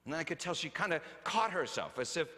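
A man preaching a sermon, a father telling stories about his children, animated, swinging from loud to hushed. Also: fairly high pitch, fairly quick, in a large hall. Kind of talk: sermon with acted anecdotes.

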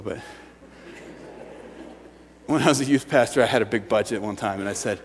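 A youth pastor preaching a sermon, telling stories with animated swings from shouts to hushed words. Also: male voice, lowish voice, a little fast, gravelly, pauses often, husky, in a large hall. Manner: animated storytelling, bursts of shouting, then hushed. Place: church sanctuary.

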